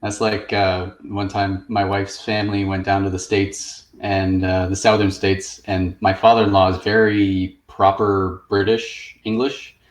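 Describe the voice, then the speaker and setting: A man who is a guest author, telling stories in a playful, animated manner on a video call. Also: low-pitched, unhurried, hardly any pauses, roomy sound, low-quality recording. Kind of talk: casual panel chat.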